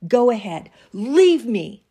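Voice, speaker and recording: A woman's voice: mid-range voice, expressive, normal speed, dark tone, lightly acted. A woman voicing an angry, proud male artist husband who rants and accuses. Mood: furious. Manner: accusing, ranting.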